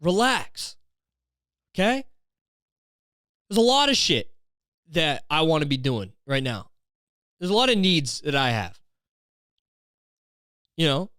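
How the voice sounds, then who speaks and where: Profane, animated young male podcast host. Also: fairly high pitch, slow pace, pauses often, smooth, no echo, clean studio sound. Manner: profane, animated, self-mocking. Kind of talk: comedic podcast rant.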